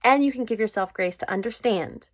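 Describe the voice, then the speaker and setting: A woman's voice: a little high, fairly quick, no echo, studio quality. A woman hosting a solo self-help podcast, talking candidly and emphatically in a coaching manner. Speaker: podcast host.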